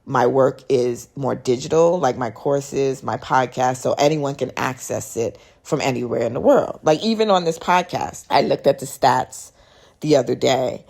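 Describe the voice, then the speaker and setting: A woman's voice: extremely low pitch, moderate pace, vocal fry, darkish tone. A woman hosting a podcast, chatting in a rambling way and retelling a conversation with a friend. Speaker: podcast host. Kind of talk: casual podcast storytelling.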